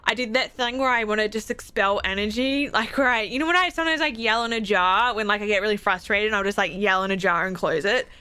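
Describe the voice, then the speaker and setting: Bright-voiced, chatty woman streamer. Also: medium pitch, fast, few pauses, clean tone, no echo. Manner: chatty, swearing, excitable. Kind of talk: casual gameplay commentary.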